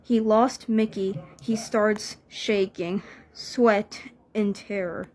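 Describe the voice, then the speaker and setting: A woman narrating an amateur fan story in a halting way, correcting herself as she goes. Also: mid-range voice, steady tone, a little mellow. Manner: halting, self-correcting reading.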